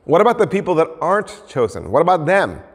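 A man's voice: a little high, very animated, fast talker, slightly rough, long reverb tail. A male pastor giving a conversational sermon and explaining his points through everyday stories.

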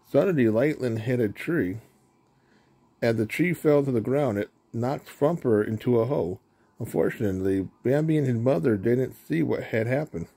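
A man reading a children's story aloud, unhurried, with small slips and restarts. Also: mid-range voice, lively intonation, gravelly, dark tone, slightly rough. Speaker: storybook reader.

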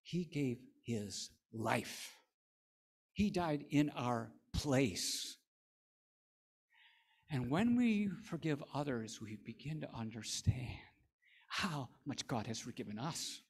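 A man's voice: medium pitch, sing-song, slow pace, long pauses, husky. A man preaching a sermon in an earnest, storytelling manner. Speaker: pastor.

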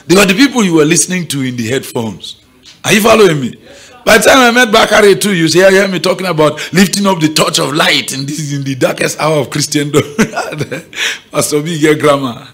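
His voice on the high side and a bit breathy, this pastor speaks fairly quickly and with animation. He preaches emphatically in a Nigerian accent at a morning prayer meeting in church, brightly and frequently asking whether the congregation is keeping up.

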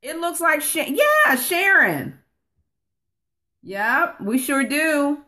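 A woman's voice: high voice, very animated, extremely slow, sharp tone. A woman coaching viewers on a casual live stream, chatting and reading comments aloud, calling people honey. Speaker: online course coach.

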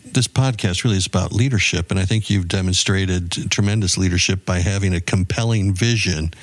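A man's voice: fairly low pitch, no echo. A man hosting a leadership podcast, asking questions with enthusiasm and many fillers. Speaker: podcast host. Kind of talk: interviewing a guest.

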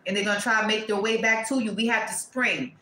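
A woman reading tarot to camera, blunt and profane, breaking into loud exclamations and dropping to quieter asides. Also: medium pitch, steady tone, quick pace, echoey room, a little hiss or hum, poor audio. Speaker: tarot reader.

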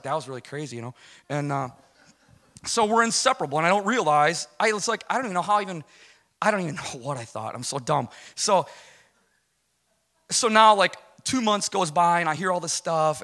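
Man in his forties, testimony speaker, bright and slightly high, rambling self-deprecating storyteller. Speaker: guest speaker giving testimony. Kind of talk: personal testimony to a congregation.

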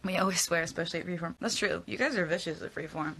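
A woman's voice: fairly low pitch, fast talker, creaky, a bit bright, slight background noise. A young woman answering fan questions in a casual live Q&A, rambling and hesitant as she stumbles over her words. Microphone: phone at arm's length.

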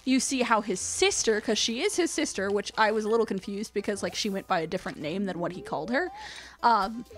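A woman's voice: mid-range voice, animated, brisk, fairly bright tone. A woman hosting a let's-play video, rambling eagerly in casual chat and filling her sentences with "like.". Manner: gushing, rambling storyteller with lots of "like". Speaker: let's-play gamer host. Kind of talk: casual gameplay chatter.

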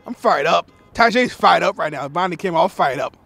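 A man giving play-by-play commentary at a soccer match outdoors, excitable and repetitive, shouting on big plays. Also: high voice, normal speed, creaky, no echo, faint music behind. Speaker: sports commentator.

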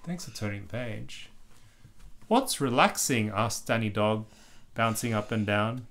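A man reading a children's book aloud with expressive, animated storytelling. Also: on the low side, moderate pace, creaky, a little hiss or hum. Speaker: storybook reader.

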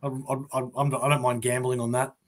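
A man's voice: medium pitch, little pitch movement, normal speed. A man hosting an interview show, asking rambling, friendly questions with restarts. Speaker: podcast host. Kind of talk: casual interview chat.

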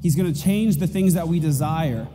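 A man's voice: on the high side, normal speed, big-room sound, over music. A man preaching a sermon as pastor, emphatic and repeating his key points. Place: church auditorium.

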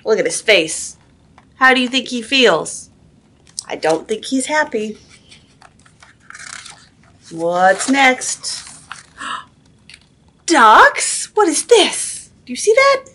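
Woman librarian, toddler story time; lively sing-song pitch, slow unhurried delivery. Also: a little hiss or hum. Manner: animated, sing-song, asks the children questions. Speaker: children's librarian.

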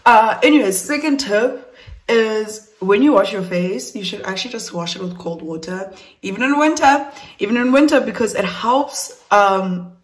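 A young South African woman with a South African accent chatting through a casual storytime vlog, animated and laughing, swearing freely and talking straight to her viewers. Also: medium pitch, moderate pace. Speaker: beauty vlogger.

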